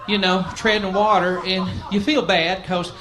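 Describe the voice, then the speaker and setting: A man's voice: high voice, flat delivery, measured pace, fairly bright tone. A man from East Tennessee with a Southern accent, a stand-up comedian spinning folksy, self-deprecating stories on a club stage. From East Tennessee, USA. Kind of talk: stand-up storytelling. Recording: noisy live club recording.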